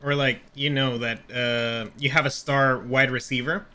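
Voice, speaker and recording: A man's voice: mid-range voice, flat delivery, measured pace, sharp tone. A man co-hosting a casual sports podcast, joking and teasing while he makes his picks. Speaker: podcast co-host.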